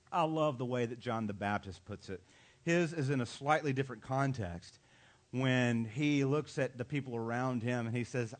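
A man, a pastor, preaching a sermon with emphatic delivery and dramatic pauses. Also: fairly high pitch, fairly bright tone.

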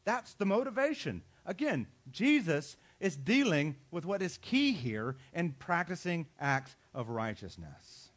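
A man, a pastor, preaching a sermon with emphatic delivery and dramatic pauses. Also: fairly high pitch, very animated.

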